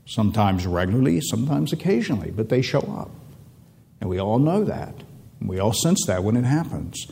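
A man's voice: fairly low pitch, gravelly. A man preaching a sermon, reading scripture aloud and stretching words out for emphasis. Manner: animated, drawn-out emphasis, reads scripture aloud.

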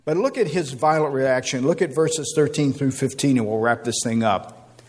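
A man's voice: medium pitch, animated, moderate pace, a little mellow, big-room sound. A man preaching a sermon with an emphatic, repetitive cadence.

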